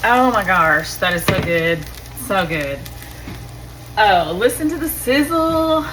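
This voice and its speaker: A woman hosting a home cooking vlog. She chats warmly and directly to her viewers and raves about the food. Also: medium pitch, animated, slow pace, background noise. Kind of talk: casual cooking vlog chat. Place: home kitchen.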